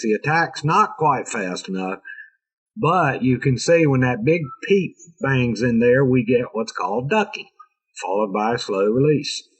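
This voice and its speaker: Over a video call, a North American man presents an informal engineering training session, chatty and joking with sarcastic asides. His mid-range voice has a breathy edge, and the recording is rough.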